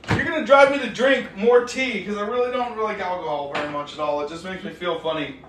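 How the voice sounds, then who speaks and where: A man's voice: high-pitched, steady tone, a little fast. A man livestreaming a casual, profane rant, agitated and talking straight to his chat. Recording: echoey room with faint noise.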